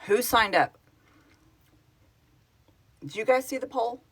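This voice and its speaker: A woman who founded a fan project, hosting a casual live stream, answering viewers' comments in an excitable, gushing way and laughing often. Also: on the high side, slow, slight background noise.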